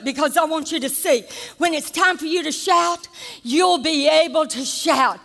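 An older woman pastor delivers an animated, folksy sermon. Her voice sits high and climbs into shouts at the peaks. It rings with the long reverb of a large church hall. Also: moderate pace, vocal fry, faint music behind.

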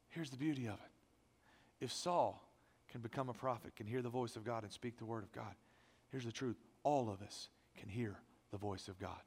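A man's voice: medium pitch, normal speed. Man preaching in an echoing hall. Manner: emphatic preaching, swinging from loud to hushed. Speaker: pastor. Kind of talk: sermon. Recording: long reverb of a large hall.

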